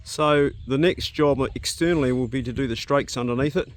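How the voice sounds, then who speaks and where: A brisk, medium-pitched male vlogger with a New Zealand accent films himself on a handheld camera while walking his rural homestead. He narrates his outdoor work in a chatty, matter-of-fact way, swearing casually.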